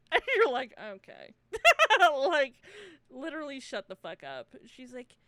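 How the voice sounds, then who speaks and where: A woman's voice: high-pitched, wildly swooping pitch, takes it slowly, pushed and bright, no room sound. A young woman co-hosting a casual chat, retelling a movie plot, laughing often, swearing freely and acting out the characters' lines. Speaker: podcast co-host.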